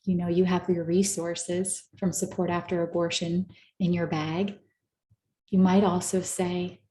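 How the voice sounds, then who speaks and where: A woman therapist giving an earnest, coaching talk to a live audience, slowing down to stress her points. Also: fairly low pitch, flat delivery, warm tone, roomy sound, slight background noise. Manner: earnest, coaching, slows down for emphasis. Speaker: therapist and speaker.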